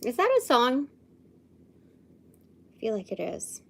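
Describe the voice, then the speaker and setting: A woman's voice: on the high side, huge pitch swings, slow pace, gravelly, slight background noise. A woman hosting a live intuitive session, musing and hesitant as she thinks aloud, sometimes dropping to a murmur or whisper. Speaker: livestream host.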